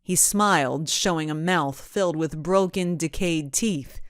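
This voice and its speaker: A woman narrating a children's mystery audiobook in an expressive storytelling manner. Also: deep voice, unhurried, no room sound, clean studio sound.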